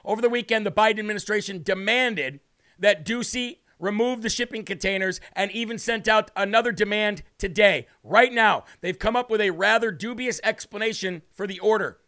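A man's voice: sits high, moderate pace, bright, forceful tone. A man hosting a live political commentary show, emphatic and sarcastic, firing rhetorical questions at viewers. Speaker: host.

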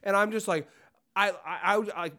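Young guy rambling thru a story, lots of swearing and "like", kinda high voice. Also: moderate pace, bright, forceful tone. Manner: profane, rambling, full of "like" fillers. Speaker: podcast co-host. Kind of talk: casual storytelling chat.

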